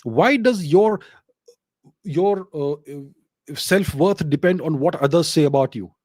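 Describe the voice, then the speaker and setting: A man's voice: on the high side, slow, a little mellow, no echo, clean studio sound. A man with an Indian English accent, hosting a solo commentary show and answering viewer questions, emphatic and full of rhetorical questions.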